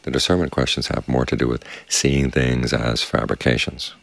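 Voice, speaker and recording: A man giving a dharma talk as meditation teacher, speaking in a calm, measured, unhurried way. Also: a bass voice, vocal fry, dry recording. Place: quiet meditation space with crickets outside.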